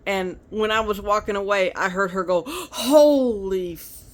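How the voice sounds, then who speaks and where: A woman's voice: mid-range voice, steady tone, fairly quick, a bit bright. A woman telling rambling stories in a casual vlog, talking into her phone. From United States. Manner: chatty, rambling. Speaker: vlogger.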